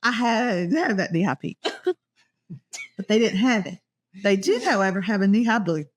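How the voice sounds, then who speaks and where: A woman's voice: medium pitch, expressive, normal speed. A woman hosting a podcast, telling stories to her friends in casual chat and laughing often. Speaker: podcast host. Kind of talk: casual storytelling among friends.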